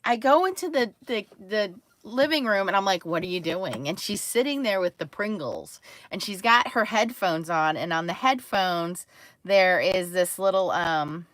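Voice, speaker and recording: A woman's voice: mid-range voice, expressive, unhurried, fairly bright tone, dry recording. A woman hosting a card-making livestream, chatting casually, greeting viewers by name and laughing often. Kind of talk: casual crafting livestream chat.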